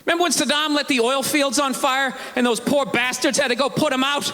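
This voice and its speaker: High-pitched man doing sarcastic stand-up. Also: fairly even intonation, fairly quick. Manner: sarcastic ranting, shouting punchlines. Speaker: stand-up comedian. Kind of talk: stand-up comedy routine. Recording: live stage recording with audience and noise.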